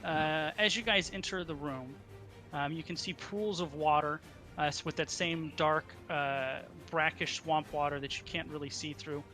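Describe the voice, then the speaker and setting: Guy dm'ing a tabletop game, lots of uhs, bright higher voice. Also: steady tone, faint music behind. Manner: halting narration with many ums and uhs. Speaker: dungeon master.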